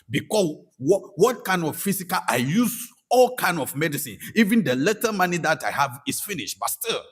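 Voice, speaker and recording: In a fairly high, slightly rough voice, a Ghanaian English-accented man gives testimony about his life as a spiritual practitioner. He tells it with animation, performing the voices of those he quotes.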